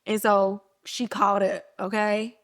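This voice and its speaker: A woman's voice: medium pitch, slow pace. A woman hosting a podcast, giving a casual recap of a TV episode and playfully acting out quotes from the scenes. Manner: animated, acts out quotes with playful put-on voices. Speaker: podcast host.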